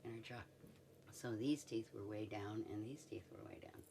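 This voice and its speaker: A woman's voice: rumbling low, moderate pace, dark tone, far from the mic. Older woman as interviewee telling a story with chuckles; recorded off-mic with slight background noise.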